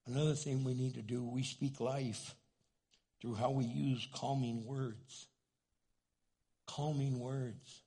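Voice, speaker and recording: An older man, a pastor preaching a sermon, who talks loud and animated and acts out little quotes. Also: mid-range voice, slow pace, long pauses, slightly rough.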